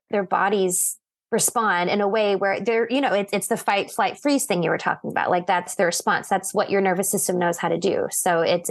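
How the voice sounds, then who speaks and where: A woman's voice: medium pitch, no room sound. Casual woman podcast host, dry sound. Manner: casual, many fillers, affirming. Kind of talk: interview conversation.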